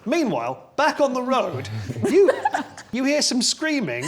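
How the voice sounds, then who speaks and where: Giggly English game master, slightly high. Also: male voice, big pitch swings, unhurried, background noise. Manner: laughs often, rambling comic narration. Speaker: dungeon master. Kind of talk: narrating a tabletop game. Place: indoor room.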